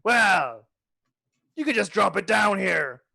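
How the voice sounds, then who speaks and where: A game master voicing a boisterous, greedy male pirate boss who growls and shouts his lines. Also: medium pitch, expressive, takes it slowly, gravelly, husky, dry recording, voice pushed up, heavily acted. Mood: smug. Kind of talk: tabletop role-play character voice.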